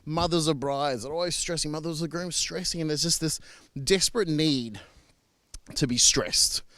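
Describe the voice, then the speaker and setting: A man's voice: fairly high pitch, normal speed, pushed and bright, no echo. A man from Australia with an Australian accent, a marriage celebrant talking casually and reassuringly to camera with frequent fillers and restarts.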